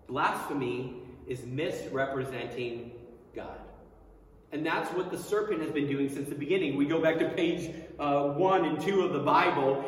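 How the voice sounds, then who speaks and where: A man's voice: fairly high pitch, a little hiss or hum. Man preaching in an echoey hall. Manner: acts out quoted voices with lively swings. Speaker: pastor. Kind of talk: sermon. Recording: very echoey hall, mic far off.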